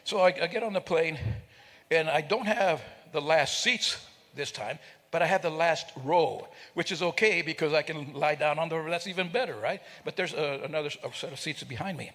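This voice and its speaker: A man's voice: fairly high pitch, moderate pace, fairly bright tone. Older man telling jokes in a hall. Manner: joking, teasing the audience, self-interrupting. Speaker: speaker at a celebration. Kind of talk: storytelling to a live audience. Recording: reverberant hall.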